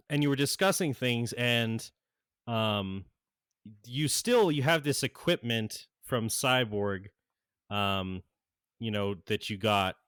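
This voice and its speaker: A man narrating as game master of a tabletop game, halting and full of fillers and laughs. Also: fairly low pitch, fairly bright tone, clear, resonant tone, no echo, studio quality.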